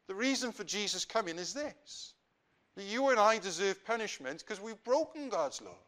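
A man preaching a sermon, swinging between loud emphatic stresses and quiet earnest appeals, slowing down on key phrases. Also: sits high, sing-song.

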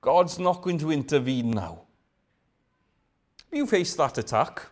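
High-voiced, slow-speaking male preacher. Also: animated. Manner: rhetorical questions, dropping to a whisper for emphasis; repeats phrases for emphasis. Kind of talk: sermon.

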